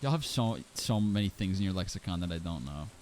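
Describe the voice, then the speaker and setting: Animated male game streamer. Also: deep voice, fairly quick, slight background noise. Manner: animated, exclaiming, talks to chat. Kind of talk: casual gameplay commentary.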